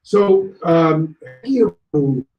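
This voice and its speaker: A male guest on a talk show telling anecdotes in a lively way and acting out other people's lines. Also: fairly high pitch, slow, reverberant, lo-fi sound. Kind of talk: anecdotal storytelling.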